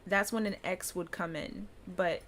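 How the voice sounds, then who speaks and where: A woman's voice: on the low side, steady tone, measured pace, fairly bright tone. A woman giving a casual pronunciation lesson, chatty and loose, often breaking into laughter as she explains. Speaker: language teacher.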